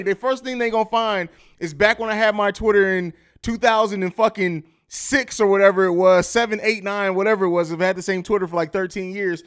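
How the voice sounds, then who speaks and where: A man's voice: high-pitched, steady tone, fairly quick, hardly any pauses, fairly bright tone, clear, resonant tone. A man hosting a live sports podcast stream, talking loosely and profanely, laughing often and reading viewer comments aloud. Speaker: podcast host. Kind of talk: casual live-stream chat.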